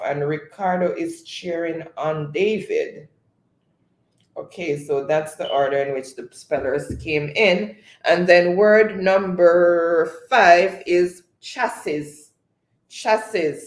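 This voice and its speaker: A man hosting a live stream, reading viewers' chat comments aloud in a relaxed way and often laughing. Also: a little high. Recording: echoey room.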